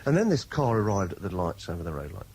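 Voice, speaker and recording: A man's voice: low-pitched, fast, slight background noise, poor audio. A man presenting on radio, telling a long anecdote in casual chat, laughing and acting out voices as he goes. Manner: animated, laughing, acts out voices in his stories. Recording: 1980s radio broadcast.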